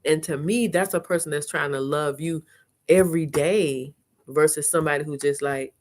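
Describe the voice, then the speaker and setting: A middle-aged woman hosting a live chat, telling stories in a frank, animated way and acting out her own reactions. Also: low-pitched, moderate pace. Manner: frank and salty, with slangy talk. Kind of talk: casual live-stream storytelling.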